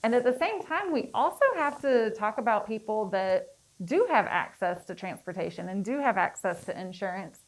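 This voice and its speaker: A woman's voice: medium pitch, animated, normal speed, rough recording. A young adult woman working as a public health educator, speaking in an earnest, encouraging way in a panel discussion. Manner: earnest, encouraging, talking-point delivery.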